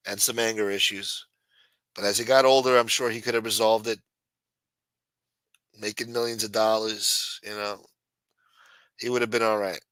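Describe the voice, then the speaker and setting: A man's voice: lowish voice, sharp tone, no room sound, poor audio. A man hosting a late-night talk show, ranting bluntly with lots of profanity. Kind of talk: casual talk-show rant.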